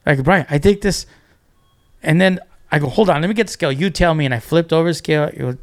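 On a podcast, a male guest with a voice on the high side rattles off fishing stories quickly. His casual storytelling is animated, full of acted-out quotes and frequent restarts.

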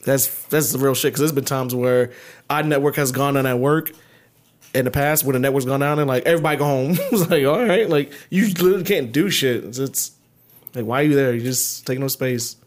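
A man's voice: mid-range voice, brisk. A man from the Baltimore area co-hosting a podcast in loose, profane casual chat, laughing often. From Baltimore area, USA. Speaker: podcast co-host.

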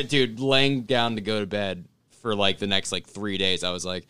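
A man telling a story in casual chat with friends, animated and cursing often. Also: on the low side, normal speed, clean tone, no echo. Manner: animated, swears a lot, laughs through the story.

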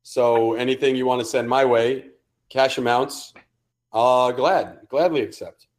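Casting: male co-host, mid-pitched, crude jokey banter, casual. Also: a little slow. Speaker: podcast co-host. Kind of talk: casual chat.

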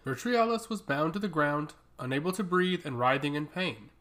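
A man narrating a fantasy story with a steady, dramatic reading. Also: on the high side, normal speed.

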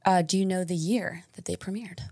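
A woman hosting a quiz game during a casual podcast chat, reading clues aloud with halting fillers. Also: on the low side, steady tone, creaky, very noisy.

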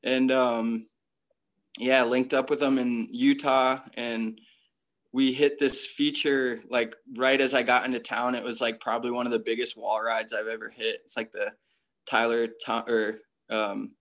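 Unhurried and level, a medium-pitched, slightly bright male voice tells tales from a freeskiing career. The young professional freeskier from Connecticut, USA, is an interview guest in a casual setting, talking in laid-back slang with constant "like" fillers.

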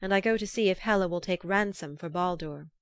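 A determined young messenger from a myth, speaking earnestly and formally, as a woman reader voices him. The voice sits low and the recording is close and dry. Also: brisk, no room sound, close to an everyday voice. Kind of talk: storybook reading.

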